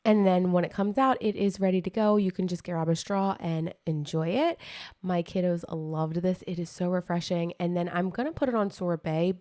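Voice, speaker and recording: A woman's voice: on the low side, steady tone, moderate pace, warm tone, no echo, clean studio sound. A woman in her thirties hosting a casual cooking tutorial, chatty and enthusiastic, often saying "like". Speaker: cooking channel host.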